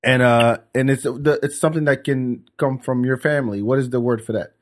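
A man's voice: mid-range voice, steady tone, fairly quick. A man hosting a casual podcast, stumbling over words and laughing at himself a lot. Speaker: podcast host. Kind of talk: casual joking chat.

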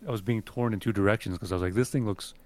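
Man, gaming chat, rapid delivery, deeper voice, blunt, casual swearing. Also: darkish tone, no room sound. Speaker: podcast co-host.

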